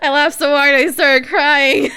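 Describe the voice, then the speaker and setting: Giggly high-voiced woman gaming. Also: fairly even intonation, a little slow, bright, forceful tone. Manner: giggly, laughs constantly. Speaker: let's play host. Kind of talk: casual gameplay commentary.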